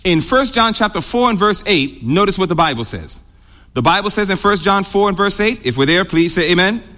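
A man's voice: high voice, expressive, bright, forceful tone. A male preacher delivering a sermon, stretching out phrases and drawing answers from the congregation. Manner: call-and-response, asking the congregation to answer; drawn-out emphatic delivery with big swings. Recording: reverberant hall.

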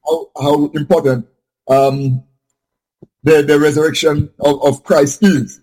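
A man with a slightly high, husky voice talks through a scripture point in a Bible study discussion. He stumbles, repeats words and circles back as he searches for the right phrasing. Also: flat delivery, slow, darkish tone.

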